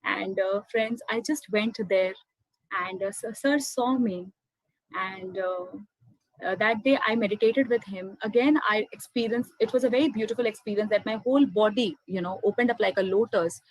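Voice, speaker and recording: A woman's voice: medium pitch, moderate pace, no room sound, low-quality recording. A woman, emotionally telling a personal spiritual testimony and often calling her listeners friends. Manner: heartfelt, keeps addressing listeners as friends. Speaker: speaker sharing a spiritual testimony.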